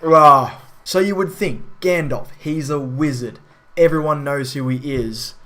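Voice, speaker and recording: A man's voice: fairly high pitch, measured pace, bright, forceful tone. A man giving a casual spoken film review in a frustrated, ranting way with frequent swearing.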